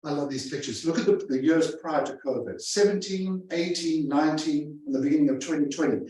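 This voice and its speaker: A man presenting a seminar to real estate agents, punching his points and repeating key phrases. His voice sits a little high for a man and carries a strong room echo, picked up from a distance. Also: brisk, dark tone. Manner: emphatic, repeats phrases for effect. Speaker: real estate sales trainer. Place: large room with a live audience.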